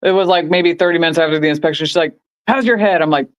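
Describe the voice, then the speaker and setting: A woman's voice: fairly low pitch, fast talker, lo-fi sound. A woman who is a Navy veteran, chatting casually over a video call and laughing often as she talks. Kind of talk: casual chat.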